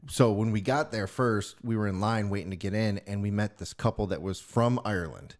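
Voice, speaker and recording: Rambling low-voiced man telling stories. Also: brisk. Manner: rambling storyteller, lots of filler words. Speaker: podcast co-host. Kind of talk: casual chat over drinks.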